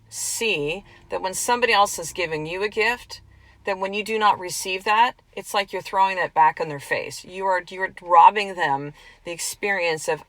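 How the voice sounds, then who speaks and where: A middle-aged woman, a podcast host and coach, gives an earnest, chatty motivational talk, slowly repeating affirmations. Her voice is lowish and a bit bright, with no room sound, and the audio is poor.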